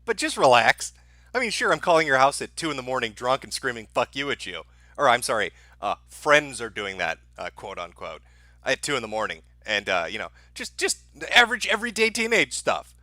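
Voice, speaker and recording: A man's voice: medium pitch, big pitch swings, a little fast, pushed and bright, no echo. A man hosting a livestream, mocking a played clip with profane, sarcastic commentary. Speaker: livestream host.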